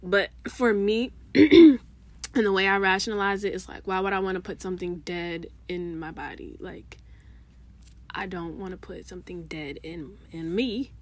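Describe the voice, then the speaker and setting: A woman's voice: lowish voice, slight background noise. Chatty young woman rambling with asides. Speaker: vlogger. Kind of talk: casual chat to camera.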